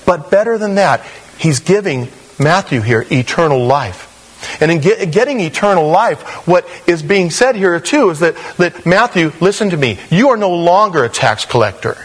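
A man preaching a sermon, telling personal stories and acting out quoted voices with animated swings between a high and a low voice. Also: husky. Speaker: pastor.

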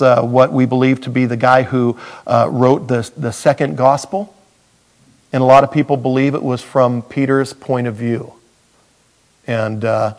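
A man's voice: medium pitch, a little mellow. A man preaching a sermon as pastor in a church, earnest and folksy with touches of humor.

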